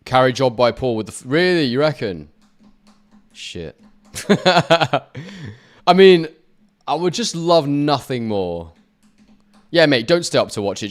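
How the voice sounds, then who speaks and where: Male boxing YouTuber, casual live commentary, chats to his viewers, quick punch-by-punch calls. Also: mid-range voice. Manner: chatty, answers viewer chat, quick play-by-play. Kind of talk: live watch-along commentary.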